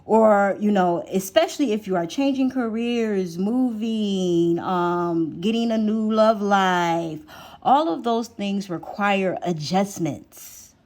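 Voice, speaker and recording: A woman's voice: medium pitch, slow pace, a little mellow. A woman giving a casual tarot reading, chatty and repeating her phrases for emphasis. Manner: drops to a whisper while drawing cards. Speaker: tarot reader.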